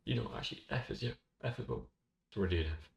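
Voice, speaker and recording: A man's voice: medium pitch, racing, gravelly. A young man talking in a rambling, jokey way and swearing casually, as he records a casual commentary into a microphone in his bedroom. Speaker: tier-list video host. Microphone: desk microphone.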